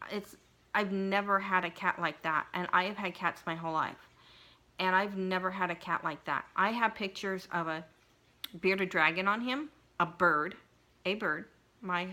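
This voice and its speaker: A middle-aged woman vlogger telling a personal story in an emotional, halting way, with frequent restarts and pauses. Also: on the low side, pushed and bright. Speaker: craft vlogger.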